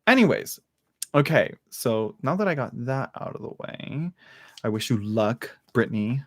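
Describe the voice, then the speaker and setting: A man's voice: medium pitch, big pitch swings, normal speed, no room sound, clean studio sound. A man hosting a live tarot reading stream, talking casually, laughing often and restarting his sentences. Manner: chatty, laughs often, many fillers and restarts.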